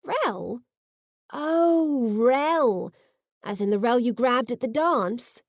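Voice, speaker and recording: A woman's voice: on the high side, expressive, extremely slow, no room sound, heavily acted. A woman voicing a drowsy old man who mumbles and teases. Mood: teasing. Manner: mumbling, teasing.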